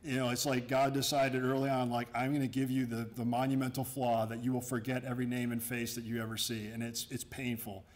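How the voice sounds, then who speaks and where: A man's voice: mid-range voice, flat delivery, fairly quick, hardly any pauses. A middle-aged Army commander speaking to his workforce in a room, in a loose, conversational way. He jokes and slips into sarcasm, wanders into asides and restarts, and keeps the tone easygoing. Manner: joking and sarcastic. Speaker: Army garrison commander addressing staff. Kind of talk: informal introductory talk to a workforce. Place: room with an audience.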